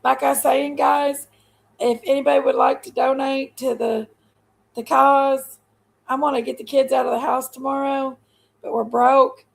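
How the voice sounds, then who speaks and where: Chatty woman with a gravelly, high voice. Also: little pitch movement, normal speed, low-quality recording. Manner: rambling, folksy and chatty. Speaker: livestream host. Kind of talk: casual livestream chat.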